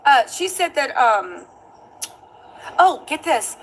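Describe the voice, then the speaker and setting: A woman hosting a news talk show in casual commentary, animated, reading out viewer comments. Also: slow pace, a little hiss or hum, poor audio. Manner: animated, acts out quoted lines in high voices. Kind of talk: casual commentary with livestream shout-outs.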